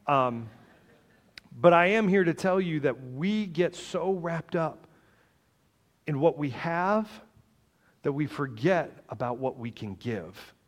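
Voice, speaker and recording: Animated joking man preaching a sermon. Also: a little high, slow, pauses often. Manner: animated, joking, swings between loud and soft. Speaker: pastor.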